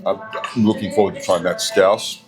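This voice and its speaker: Low-voiced man savoring a restaurant meal. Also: normal speed. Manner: relaxed, savoring each bite with frequent hums. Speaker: food vlogger. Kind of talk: casual food review. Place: indoor restaurant. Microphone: camera set on the table. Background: faint background music.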